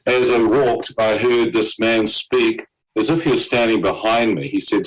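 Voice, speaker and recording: A man with a lowish voice tells his story of nearly dying. He gets animated, slips into other people's voices for their lines, and chuckles at his own bad luck. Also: measured pace, poor audio. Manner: animated storyteller, quotes others in character, laughs at himself. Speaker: guest telling his testimony. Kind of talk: personal testimony storytelling.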